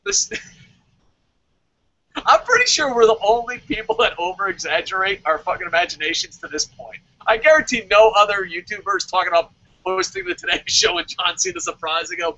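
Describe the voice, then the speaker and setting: Excitable high-voiced man reviewing wrestling. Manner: excitable, often acts out quoted voices. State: slightly tipsy. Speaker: podcast host. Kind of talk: casual wrestling review chat. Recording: dull lo-fi sound.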